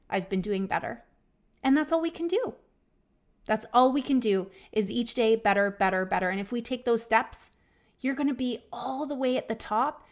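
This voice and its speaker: A woman in her thirties hosting a personal self-help podcast, speaking in an earnest, reflective and encouraging way. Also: mid-range voice. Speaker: podcast host.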